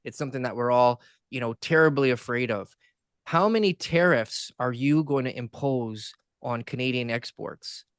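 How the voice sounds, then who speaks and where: Smooth-voiced laid-back male co-host. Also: medium pitch, normal speed, dry recording, studio quality. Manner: laid-back, laughing, chatty. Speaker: podcast co-host. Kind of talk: casual chat.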